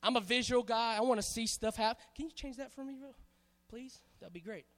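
A man from Hawaii preaching a sermon to a congregation, animated and playful, calling on the crowd to answer back. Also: very high voice, a little fast. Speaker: pastor. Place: church hall. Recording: hall reverb.

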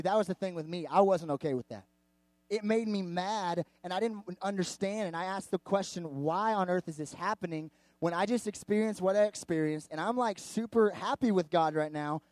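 A male pastor with a notably high voice tells a story in his sermon, animated, candid and chatty. The sound is close and dry, with no room around it. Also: no room sound. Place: church service before a live audience.

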